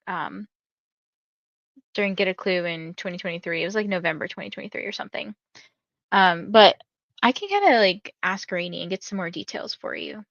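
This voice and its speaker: A woman's voice: medium pitch, fairly bright tone, no echo, dull audio. A young woman hosting a reading livestream, chatting casually with viewers and reading out their comments, with lots of fillers. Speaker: livestream host reading books.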